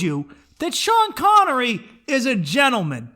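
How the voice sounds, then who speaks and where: A man's voice: sits high, lively intonation, a little slow, sharp tone. A man hosting a comedy podcast alone, ranting bluntly and swearing a lot. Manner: profane, blunt, opinionated. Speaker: podcast host. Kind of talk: solo comedic rant.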